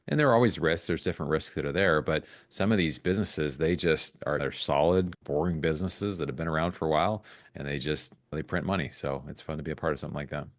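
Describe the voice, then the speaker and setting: A man speaking as a guest in a podcast interview, telling stories in an animated way with frequent restarts. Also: a bass voice, no echo, studio quality. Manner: fast, animated storytelling with restarts. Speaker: guest investor.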